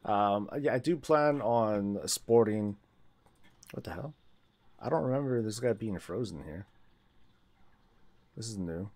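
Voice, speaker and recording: A man's voice: lowish voice, expressive, a little slow, long pauses, darkish tone. A man chatting casually on a gaming livestream, rambling, restarting his sentences and laughing often.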